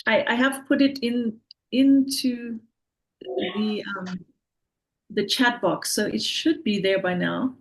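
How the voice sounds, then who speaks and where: A woman giving an online talk as the speaker, relaxed and full of fillers and restarts, on a video call. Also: a little high, slow pace, poor audio.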